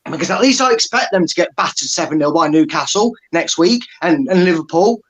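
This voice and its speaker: Exasperated football fan, high voice, blunt and sweary ranting. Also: male voice, expressive, fairly quick, fairly bright tone, husky. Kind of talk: angry fan rant.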